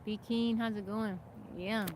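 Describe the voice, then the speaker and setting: An American woman hosts a casual live stream from outdoors, chatting along and greeting viewers by name. Her voice sits at an ordinary middle pitch. Clear outdoor noise runs beneath her talk. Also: fairly even intonation, unhurried, a little mellow. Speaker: livestream host. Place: outdoors in nature.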